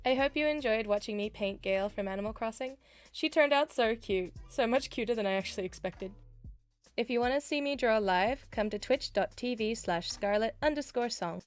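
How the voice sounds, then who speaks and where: A young woman artist talks through the final steps of a painting in a relaxed voice-over. Her voice sits slightly high and her tone is chatty and friendly, with soft music playing quietly underneath. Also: moderate pace. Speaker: artist and streamer. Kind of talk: voice-over narration. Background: background music.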